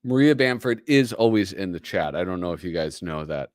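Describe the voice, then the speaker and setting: A man hosting a casual livestream from his home setup, talking in a rambling, self-deprecating way while flipping through comics. His voice sits low but moves a lot in pitch, and the sound is dry and close. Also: expressive, a little fast, dry recording. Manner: rambling, self-deprecating, lots of fillers and laughs. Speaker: host.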